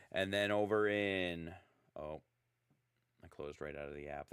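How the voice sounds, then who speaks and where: A man's voice: low voice, measured pace, long pauses, a bit bright, smooth, dry recording, studio quality. A man hosting a radio show in a casual, chatty, rambling way, joking at his own expense. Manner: chatty, rambling, self-deprecating. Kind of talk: casual talk radio chat.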